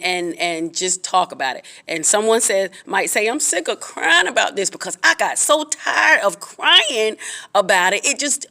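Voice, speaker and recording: A woman giving casual, earnest relationship advice to camera, repeating herself and swinging her pitch up for emphasis. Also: a bit bright.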